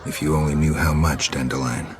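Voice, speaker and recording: A man's voice: rumbling low, flat delivery, a little fast, some chatter behind. A man voicing a weary, stoic male monster hunter who speaks in a dry, terse, sardonic way. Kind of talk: video game voice acting.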